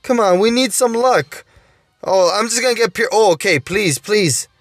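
High-voiced man pleading over loot boxes. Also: moderate pace, no echo. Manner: pleading, keeps saying "guys" and "oh my dude". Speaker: mobile gaming YouTuber. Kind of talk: gameplay commentary while opening loot boxes.

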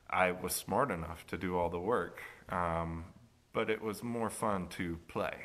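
A man's voice: low voice, sharp tone. A middle-aged male pastor preaching a sermon, telling a reflective personal story with self-deprecating humor.

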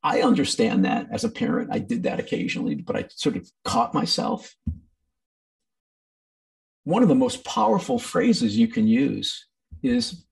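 Man, presenter, workshop talk, very animated pitch, gravelly, casual with ums. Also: unhurried, far from the mic. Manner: conversational, with filler ums and acted-out quotes. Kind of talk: teaching a training session.

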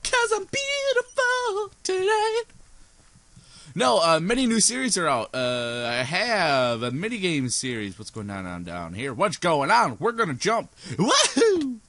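A man's voice: medium pitch, big pitch swings, normal speed, few pauses, pushed and bright, no echo. A sleepy young man rambling through let's play commentary, goofy and scattered, with silly asides. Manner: goofy, rambling, sings snippets and silly voices. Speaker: gaming YouTuber.

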